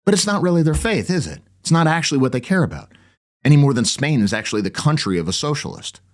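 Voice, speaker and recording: A man hosting a podcast, giving a sarcastic political commentary monologue in a mocking tone. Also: fast talker. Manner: sarcastic, mocking, with lively swings in pitch. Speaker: podcast host.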